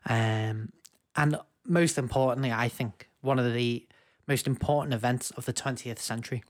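Young guy rambling on a podcast, jokey and excited, home mic on a call. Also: medium pitch, moderate pace. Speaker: podcast co-host. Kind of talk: casual chat.

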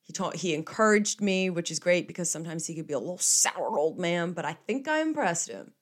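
A young woman from the United States hosting a podcast alone, telling stories in a chatty, animated way with playful asides. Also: on the low side, fairly quick. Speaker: podcast host. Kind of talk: casual solo podcast chat.

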